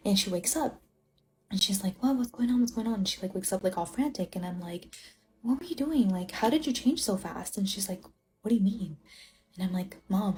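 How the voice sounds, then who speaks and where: Young woman telling her ghost story, lots of "like", mid pitch. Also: dark tone. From Illinois. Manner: rambling, many "like" fillers. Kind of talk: casual first-person ghost story.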